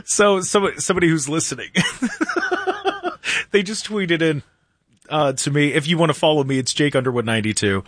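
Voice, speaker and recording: A man's voice: a little high, fast, no room sound, clean studio sound. A man hosting a talk radio show, chatting casually and laughing as he reacts to clips. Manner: animated, laughing often.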